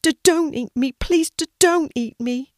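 A woman's voice: mid-range voice, lively intonation, slow, darkish tone, no echo, studio quality. Woman voicing a stammering frightened sea turtle. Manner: stammering, trembling.

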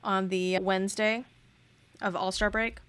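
A woman's voice: mid-range voice, flat delivery, a little slow, fairly bright tone, smooth. A woman co-hosting a podcast in casual chat. She gushes with emphatic, playful exaggeration. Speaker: podcast co-host.

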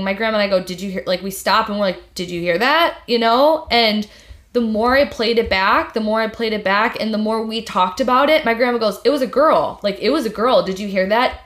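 A young woman co-hosting a casual podcast chat, telling stories in a slangy, animated way. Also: fairly high pitch, normal speed. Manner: chatty, slangy, animated storytelling. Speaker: podcast co-host.

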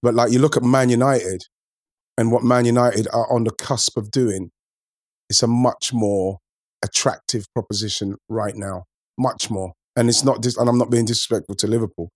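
A man's voice: mid-range voice, steady tone, moderate pace, no echo, clean studio sound. A man hosting a podcast, chatting loosely about football, repeating words and calling friends "bro". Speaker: podcast host. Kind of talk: casual football chat.

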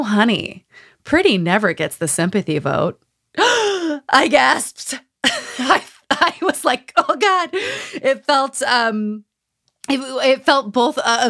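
A woman's voice: medium pitch, a bit bright. A woman in her thirties hosting a podcast in a chatty, bubbly way, rambling with lots of filler words. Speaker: podcast host.

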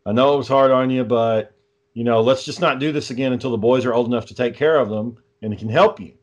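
A young man chats casually and recounts a story with heavy swearing. His delivery is exasperated and ranting, at an ordinary middle pitch. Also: fast, lo-fi sound. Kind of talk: casual chat.

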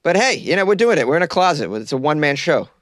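A man's voice: a little high, big pitch swings, fast talker, a bit bright, dry recording, studio quality. A young man hosting a comedy podcast from a closet, rambling loosely and mocking himself while caffeinated and stoned.

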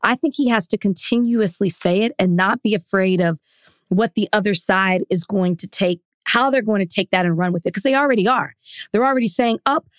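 A woman's voice: medium pitch, no room sound. Opinionated woman podcast co-host, dry sound. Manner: opinionated, argues in quick bursts with laughs. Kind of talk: casual chat.

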